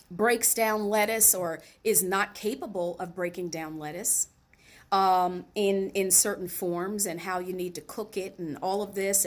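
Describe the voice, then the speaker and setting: A woman hosting her own show, telling a personal story in a casual, animated way and addressing her viewers directly. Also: mid-range voice. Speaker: host.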